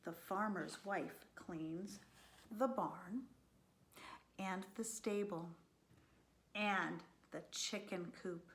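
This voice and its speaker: A woman reading a children's picture book aloud, slow and expressive, sometimes dropping to a whisper. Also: medium pitch, reverberant, slight background noise. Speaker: storyteller.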